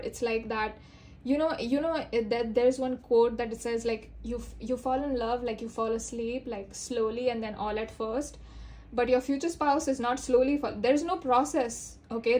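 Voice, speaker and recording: A woman's voice: on the high side, darkish tone, a little hiss or hum. A woman giving a casual spoken tarot reading, rambling with many fillers and acting out little quoted lines. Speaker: tarot reader.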